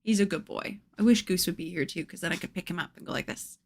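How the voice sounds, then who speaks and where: A woman's voice: lowish voice, fast talker, a little mellow. A young woman hosting a livestream, chatting playfully and reading a spooky children's book aloud. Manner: chatty, playful, breaks off to coo at her cats. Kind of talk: casual chat and storybook read-aloud.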